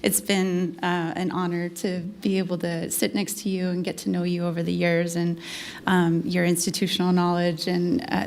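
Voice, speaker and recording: A woman commissioner warmly praising her colleague at a public county meeting. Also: lowish voice, creaky. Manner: warm, admiring, fillers. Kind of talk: formal remarks at a public meeting. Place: county board meeting chamber.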